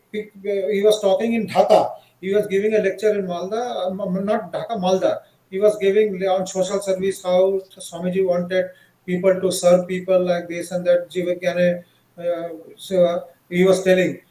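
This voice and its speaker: A man giving a devotional talk as a monk, telling stories in a halting way with many fillers and restarts and acting out the quoted dialogue. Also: high voice, mellow, roomy sound, rough recording.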